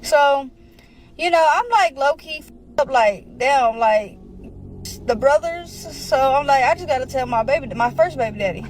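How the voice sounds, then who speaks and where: A woman's voice: sits high, lively intonation, normal speed, slight background noise, low-quality recording. A woman casually telling her own story, rambling, with slang and a lot of filler words.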